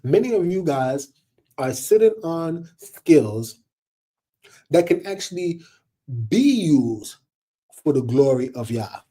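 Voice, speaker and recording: Husky, dark-voiced man preaching casually. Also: fairly high pitch, takes it slowly, long pauses. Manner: animated, addresses listeners as y'all, laughs often. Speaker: online commentator.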